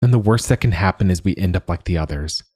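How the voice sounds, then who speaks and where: A man reading as a quiet young girl. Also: low-pitched, fast, slightly rough. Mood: earnest. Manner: soft, hesitant and thoughtful. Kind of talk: audiobook character reading.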